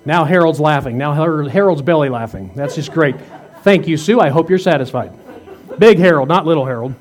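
Fifty-something pastor, conversational sermon. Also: male voice, fairly high pitch, fairly quick. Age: 50s. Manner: conversational, asks many rhetorical questions; jokes and teases the congregation.

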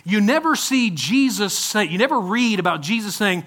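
A man's voice: sits high, lively intonation, normal speed, fairly bright tone. A male pastor preaching a conversational sermon, often asking the congregation direct questions.

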